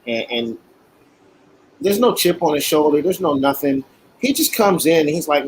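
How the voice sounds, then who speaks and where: Man telling stories with animated quotes. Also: fairly high pitch, normal speed, a little hiss or hum, low-quality recording. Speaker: guest, cigar maker. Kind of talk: casual storytelling.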